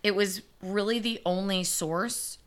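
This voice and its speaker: With a medium-pitched voice and an unhurried delivery, a young female podcast co-host chats through the tale of a disaster. She swears now and then and uses lots of fillers in this casual conversation.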